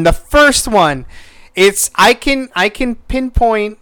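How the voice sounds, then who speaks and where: A man's voice: sits high, lively intonation, slow, sharp tone, clear, resonant tone, dry recording, studio quality. A man hosting his own podcast, rambling casually with lots of profanity, stumbling over words and getting exasperated. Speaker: podcast host. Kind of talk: casual solo podcast review.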